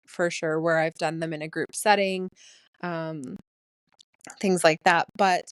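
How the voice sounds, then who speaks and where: A woman hosting her own podcast, talking fast and excitedly in a casual solo chat with frequent ums. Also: on the low side, no room sound. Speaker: podcast host.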